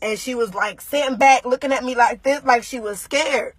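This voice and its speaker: A mother talking to viewers on a live video, shaken and pausing often with ums. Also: a little high, dry recording. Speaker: mother giving a livestream update.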